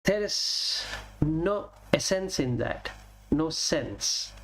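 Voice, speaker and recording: Slow, deliberate male Dhamma teacher. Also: a little high, lively intonation, a bit bright. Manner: deliberate, names Pali terms and glosses each in English; illustrates points with plain everyday examples. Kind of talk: Buddhist dharma talk.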